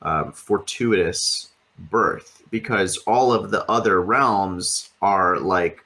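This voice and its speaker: His low voice is slow, bright, and forceful as he co-hosts a podcast. The conversation is a casual, rambling one, loaded with fillers and casual cursing.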